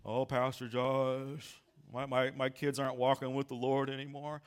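A big older man mopes through his troubles in a droning, sagging whine, as a preacher acts him out. He drags every word out slowly and quietly, sounding heavy and defeated. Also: medium pitch, completely flat delivery, clear, resonant tone, lightly acted. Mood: mopey. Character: big older complaining man, gloomy and mopey.

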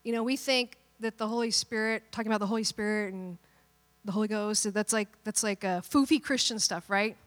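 A woman pastor preaching a sermon in a playful, animated way, acting out quotes and joking with the congregation. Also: medium pitch, brisk.

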